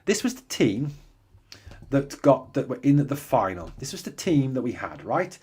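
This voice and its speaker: A man's voice: medium pitch, big pitch swings, moderate pace, a little mellow, husky. A man hosting a live fan podcast, talking emphatically, repeating his points and asking listeners rhetorical questions. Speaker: podcast host. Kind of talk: live fan podcast chat, reading comments.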